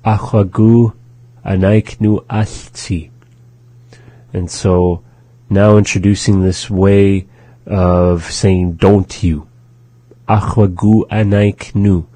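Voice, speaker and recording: A man hosting a radio language lesson, slowly and carefully pronouncing phrases and explaining them. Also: deep voice, flat delivery, dark tone, no echo. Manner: slow, careful pronunciation drills. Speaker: language teacher and show host.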